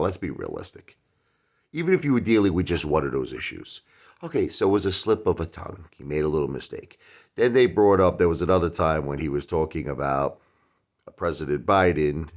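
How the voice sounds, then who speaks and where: A middle-aged man hosting his own channel, talking casually in a rhetorical opinion monologue that swings from loud outbursts to muttered asides. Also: a bass voice. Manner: animated, rhetorical, jumps between loud and mumbled asides. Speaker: YouTube channel host.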